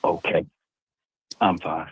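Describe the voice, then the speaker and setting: A man's voice: slow pace, dry recording. A man calling in to a live show, casually rambling as he retells what he heard, step by step. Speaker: caller. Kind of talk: casual call-in talk. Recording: tinny phone line.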